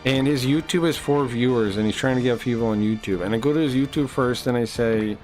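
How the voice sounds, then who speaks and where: A man streaming, telling a long story in a rambling, animated way and swearing freely. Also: mid-range voice, brisk, soft background music.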